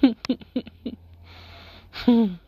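A woman's voice: on the high side, drawn-out words, muffled recording, background noise. A woman hosting a podcast, reading out tweets in casual chat and laughing often in amused disbelief. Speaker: podcast host.

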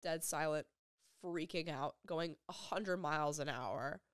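Young woman, kinda low voice, telling a hard personal story, lots of "like", repeats herself, close dry mic. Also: no room sound. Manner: halting, emotional retelling with repeated phrases and many "like" fillers. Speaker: vlogger.

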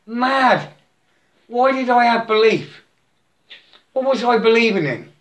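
A man giving a halting, repetitive spiritual monologue, breaking into chanted mantras and laughing to himself. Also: very high voice, lively intonation, a bit bright.

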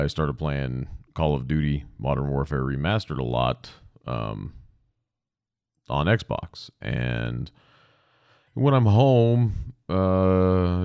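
A man's voice: rumbling low, creaky, a little mellow, smooth, dry recording, studio quality. A young man hosting a podcast, rambling casually and self-deprecatingly with lots of swearing. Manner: profane, self-deprecating, digressive. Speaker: podcast host. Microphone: podcast microphone.

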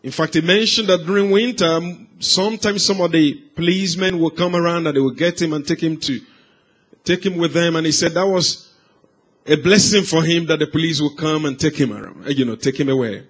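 A man preaching, telling a life story as a sermon, swinging from hushed, slow passages to loud, raised cries. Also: a little high. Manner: dramatic swings from hushed to shouted.

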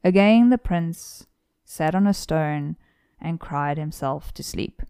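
A young woman casually retelling a folk tale on a podcast, lively and playful with asides. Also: low voice, slow pace, clean tone, no room sound. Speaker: podcast co-host.

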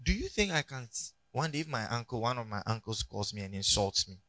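Animated Ghanaian pastor preaching. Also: male voice, mid-range voice, fairly quick, dry recording. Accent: Ghanaian English. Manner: animated, storytelling, rising to loud emphatic peaks. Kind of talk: sermon with anecdotes. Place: church.

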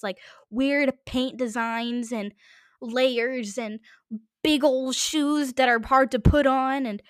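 Woman podcast host, higher voice, dry close sound, rambling and chatty with lots of fillers. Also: a bit bright, no echo. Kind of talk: casual rambling podcast monologue.

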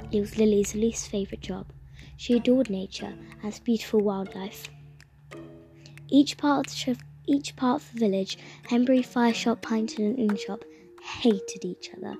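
A woman reads a story aloud with a gravelly fry in her voice. She stumbles and restarts words now and then. Music plays clearly behind her. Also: medium pitch, warm tone. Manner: halting, with frequent restarts.

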